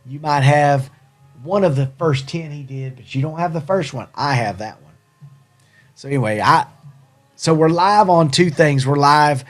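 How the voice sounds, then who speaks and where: A man hosting a casual livestream, rambling about his products and thanking viewers in the chat. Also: medium pitch. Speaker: livestream host and small business owner.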